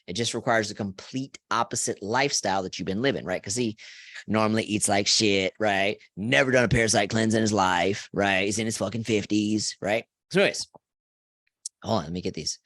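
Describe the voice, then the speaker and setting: A man in his forties hosts a live stream, speaking briskly with no echo as he tells rambling, profane stories. He tags nearly every point with "right?" and, as an animated storyteller, lets his voice leap high when quoting friends.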